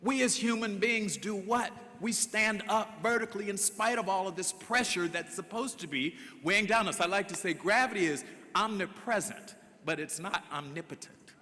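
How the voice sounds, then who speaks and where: A man speaking from a stage at a graduation ceremony, his voice fairly high and forceful. He slows down to land key words and shifts his tone to act out the people in his stories. The sound carries a long reverb from the large hall. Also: a little hiss or hum. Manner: emphatic, preacherly, draws out key words; acts out dialogue in his stories. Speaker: commencement speaker. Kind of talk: commencement address.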